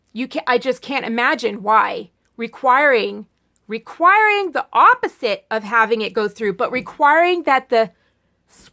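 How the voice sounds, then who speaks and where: A woman's voice: high voice, pushed and bright. A woman ranting casually in a political vlog, chatty and sarcastic, rambling with many restarts. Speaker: political vlogger.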